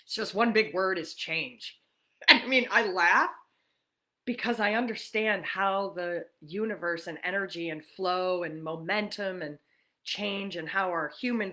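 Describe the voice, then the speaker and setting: A chatty woman from New York hosts a relaxed morning livestream, greeting viewers by name as they arrive. Her voice has a bright, forceful edge, sitting at an ordinary middle pitch. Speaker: livestream host. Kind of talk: casual livestream chat.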